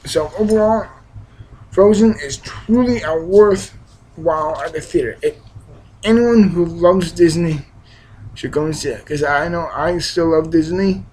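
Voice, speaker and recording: A man's voice: fairly high pitch, a little slow, darkish tone, breathy edge, low-quality recording. A young man giving a casual, rambling film review, with frequent restarts, fillers and emphatic bursts. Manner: enthusiastic, emphatic. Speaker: movie reviewer.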